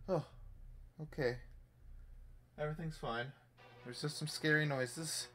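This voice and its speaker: A young man talks through a horror game, cursing freely and veering between low, nervous mutters and sudden frightened shouts. His voice sits a bit high and his delivery is slow and drawn out. Faint game music plays behind him. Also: steady tone. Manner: swears often, jumps between hushed muttering and panicked yelps. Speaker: gaming YouTuber. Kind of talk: horror game playthrough commentary.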